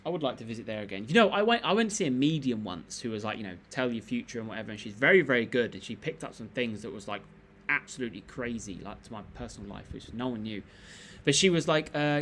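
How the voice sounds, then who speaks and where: A man's voice: mid-range voice, animated, quick pace, a bit bright. A man hosting a live stream, chatting casually and reading out comments in a rambling, laid-back way with lots of fillers and restarts.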